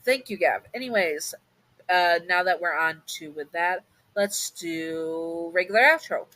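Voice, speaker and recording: Bright, chatty woman narrating a story. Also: lowish voice, unhurried, no echo, poor audio. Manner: casual, chatty, self-correcting. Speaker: narrator and channel host. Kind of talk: narrating a listener role-play story.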